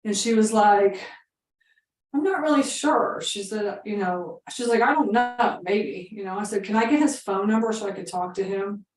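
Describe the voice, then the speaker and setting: A woman's voice: medium pitch, moderate pace, echoey room, distant mic, poor audio. A woman coaching on real estate investing, telling a story in a chatty, casual way full of fillers and quoted dialogue.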